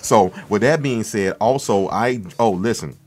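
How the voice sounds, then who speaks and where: Male podcast co-host, low voice, rambling, excitable, swears a lot, faint music underneath. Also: a little slow. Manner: rambling, swearing, bursts into loud excited impressions. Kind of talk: excited film chat.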